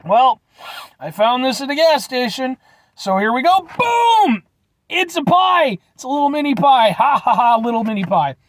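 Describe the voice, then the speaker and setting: A man hosting a casual food review vlog from inside his truck, playful and animated, talking straight to his viewers. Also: very high voice, moderate pace, no echo. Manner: animated, playful, keeps addressing viewers as folks.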